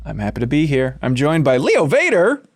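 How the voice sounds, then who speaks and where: A man hosting a games podcast in a playful, jokey way, breaking into sudden excited whoops. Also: fairly high pitch, moderate pace. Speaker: podcast host.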